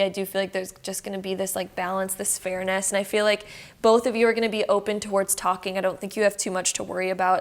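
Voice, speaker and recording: Young Canadian woman, tarot reader, casual reassuring ramble with many fillers. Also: mid-range voice. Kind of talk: casual tarot reading to camera.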